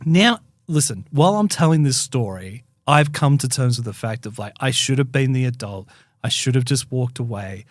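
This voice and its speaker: An Australian man, a podcast co-host, telling a story in casual chat with lots of swearing and animated outbursts. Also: medium pitch, normal speed, no echo, studio quality. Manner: animated, profane, heated retelling. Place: podcast studio.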